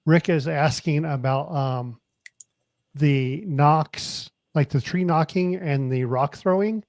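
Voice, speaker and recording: A man's voice: fairly high pitch, takes it slowly, darkish tone, dry recording. A man hosting an interview, briefly relaying questions from viewers. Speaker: host.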